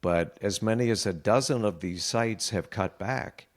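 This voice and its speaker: A middle-aged meteorologist in a conversational interview, explaining earnestly and sounding worried. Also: male voice, fairly low pitch, unhurried. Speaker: meteorologist guest.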